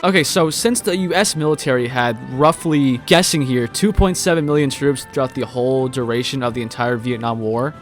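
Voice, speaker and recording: A man's voice: mid-range voice, a little fast, few pauses, faint music behind. Rambling, cussing young man commentating. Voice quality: rambling, profane, joking. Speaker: video essay host. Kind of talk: casual commentary.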